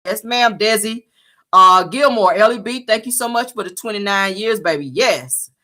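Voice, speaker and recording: A woman hosting a livestream, giving blunt, sassy advice and reading viewer comments in casual chat. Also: moderate pace. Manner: animated pitch jumps for emphasis. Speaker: livestream host.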